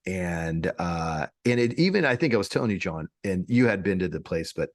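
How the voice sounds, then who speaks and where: Deep-voiced man telling a story. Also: moderate pace, dry recording, clean studio sound. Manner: animated, laughing storyteller with many restarts. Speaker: podcast co-host. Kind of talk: casual storytelling chat.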